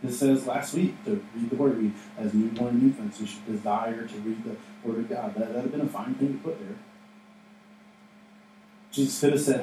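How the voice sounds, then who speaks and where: A man's voice: mid-range voice, fairly even intonation, normal speed, warm tone. A man delivers a sermon in a church sanctuary, talking in a loose, conversational way and slipping into voices to act out quotes. He often checks in with "right?" The sound is roomy and echoey, picked up from some distance, with a faint hiss underneath. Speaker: pastor. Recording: echoey room, mic at a distance, faint noise.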